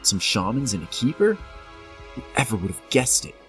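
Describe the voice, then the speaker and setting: A man's voice: lowish voice, big pitch swings, normal speed, fairly bright tone. A man casually narrating a video game as he plays, joking with the enemies on screen and reading the game's messages aloud. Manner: playful, talks to enemies, reads game text aloud. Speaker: gameplay commentator. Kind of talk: casual let's-play commentary. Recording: faint game music behind.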